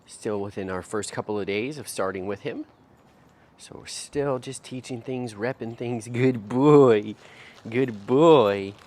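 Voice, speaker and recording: This man trains dogs, narrating every step aloud while working a puppy outside, sometimes breaking into high sing-song praise. His intonation stays fairly even and his speed is normal.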